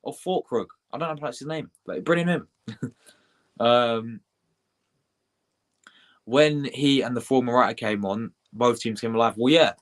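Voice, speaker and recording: A young British man hosting a live football reaction stream, chatty and excitable, swearing and shouting out viewers in his chat. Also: medium pitch, moderate pace, long pauses. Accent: British English. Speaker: football livestream host.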